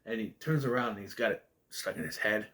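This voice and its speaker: A man casually recapping a sitcom episode, rambling and quoting characters in quick asides. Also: lowish voice, fairly bright tone. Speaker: retro TV show reviewer.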